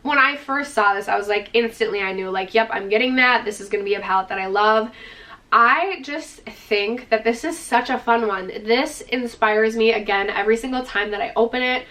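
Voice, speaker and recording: A woman's voice: fairly high pitch, moderate pace, sharp tone, recorded from a distance. A woman beauty vlogger gushing enthusiastically through a product review, peppering her talk with "like" and "freaking.". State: out of breath, dry throat.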